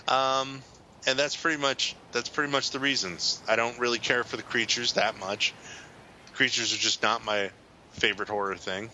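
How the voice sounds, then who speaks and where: A man's voice: medium pitch, fairly even intonation, unhurried, pushed and bright, a little hiss or hum, low-quality recording. A man co-hosting a podcast in casual chat, rambling and hesitant with a lot of fillers. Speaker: podcast co-host.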